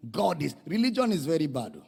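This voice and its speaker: Speaking at normal speed in a slightly high, gravelly, husky voice, a pastor with a Nigerian accent preaches with drama and animation. He calls out to the church congregation, and the sound echoes around the hall.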